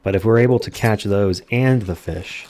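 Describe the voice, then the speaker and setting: A man giving casual let's-play commentary, calmly explaining game mechanics step by step. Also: lowish voice, moderate pace. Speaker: gameplay commentator.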